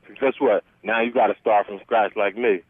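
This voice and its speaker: Prank call target: unflinching street-tough man, fast talker, phone-line sound. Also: fairly low pitch, no room sound. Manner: calm, street-tough, unflinching, eating while talking.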